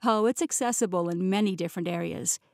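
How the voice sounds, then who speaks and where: A woman's voice: lowish voice, fast talker, vocal fry, dry recording, clean studio sound. A woman voicing a young male king in an audiobook, easygoing and teasing but stern when giving orders. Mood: playful. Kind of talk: audiobook character voice. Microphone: close studio mic, dry.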